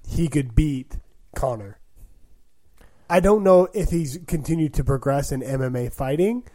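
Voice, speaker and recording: A man co-hosting a casual sports talk show, reacting quickly and thinking aloud through possible outcomes. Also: fairly high pitch, expressive, mellow. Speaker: podcast co-host.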